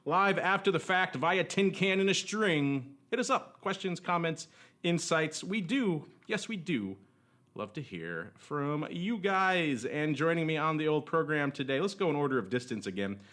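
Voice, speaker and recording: A man's voice: a little high, expressive, moderate pace, a bit bright. A man hosting a podcast in casual chat, jokey and rambling with frequent chuckles. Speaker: podcast host.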